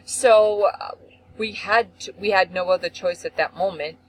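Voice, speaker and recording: A woman hosting a faith talk show, telling a family story in an animated, expressive way. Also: unhurried, poor audio. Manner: expressive, acts out quotes with big pitch swings. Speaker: host.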